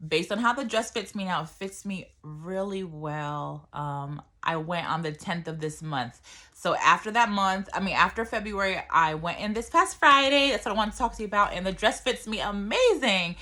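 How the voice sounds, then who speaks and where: A woman's voice: lowish voice, pushed and bright. A woman in her thirties giving a casual, rambling vlog update, full of "um"s and self-corrections. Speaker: vlogger.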